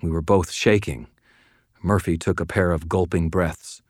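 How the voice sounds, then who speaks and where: A man giving scripted first-person audiobook narration in a dry, even storytelling delivery. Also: low voice, a little slow, no echo. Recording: dry close studio mic.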